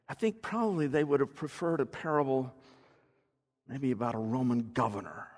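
This preacher delivers a teaching sermon conversationally, explaining words and putting questions to his listeners. His medium-pitched voice is creaky and slightly rough, and long hall reverb surrounds it.

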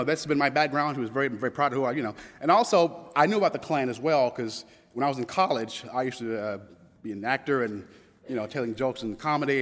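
A man of about fifty from Louisville, Kentucky, telling a personal story in a conversational way, restarting often and quoting others. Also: medium pitch. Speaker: public speaker. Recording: long hall reverb.

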